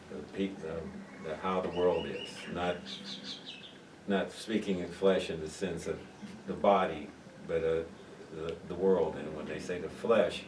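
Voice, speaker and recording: A man leading a church Bible study, talking conversationally and putting questions to the group. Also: low-pitched. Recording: echoey room, mic far off, noisy.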